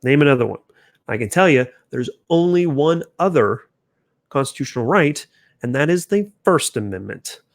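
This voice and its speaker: A man's voice: medium pitch, animated, moderate pace, creaky, dry recording, studio quality. A man hosting a casual livestream, chatting loosely with viewers, restarting sentences and reacting to their comments. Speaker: channel host.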